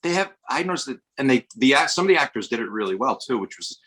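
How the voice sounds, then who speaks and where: A man's voice: medium pitch, very animated, quick pace, fairly bright tone, poor audio. A man from the US, an actor guest on a podcast, talking in a digressive way with many restarts. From Westchester, New York, US. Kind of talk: casual podcast conversation.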